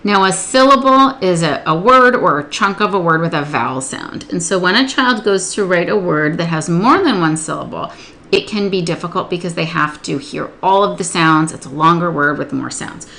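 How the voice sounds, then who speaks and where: A woman with a rather low voice that still sounds bright and crisp walks through a spelling lesson. She explains each step patiently and stretches words out slowly to sound them into syllables. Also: expressive, a little hiss or hum. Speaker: literacy tutor. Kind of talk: instructional demonstration.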